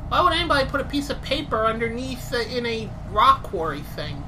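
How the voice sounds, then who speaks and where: A woman's voice: on the high side, sing-song, fairly quick, noisy background. A woman watching a horror game being played, commenting with teasing, dry jokes. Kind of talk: let's play commentary.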